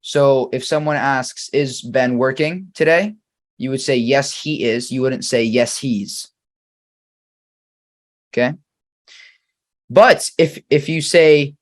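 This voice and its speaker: A male English teacher walks through grammar examples in a patient, deliberate way. He reads each sample sentence slowly and then quizzes the listener on it. His voice sits at an ordinary middle pitch. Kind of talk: grammar lesson.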